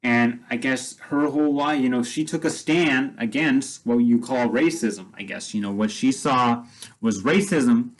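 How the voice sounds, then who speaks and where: A man's voice: mid-range voice, a little slow, poor audio. A man casually retelling a film story as a vlogger, rambling with many restarts and fillers.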